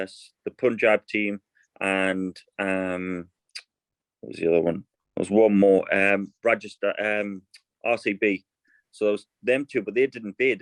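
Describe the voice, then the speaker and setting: A man's voice: low-pitched, no room sound, low-quality recording. A man, chatting casually as a podcast guest and telling stories with many restarts. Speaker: guest, fast bowler.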